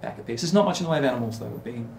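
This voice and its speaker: A man narrates a tabletop game as its game master, easing through scenes with plenty of ums. His voice has a gravelly edge. The room around him echoes. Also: medium pitch, racing, a little hiss or hum. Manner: relaxed descriptive narration with fillers.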